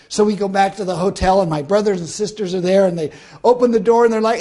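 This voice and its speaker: A man's voice: high-pitched, normal speed, warm tone. A man in his fifties from Southern California, giving a motivational self-help talk and telling a personal story, with rhetorical questions to the listener. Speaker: motivational speaker.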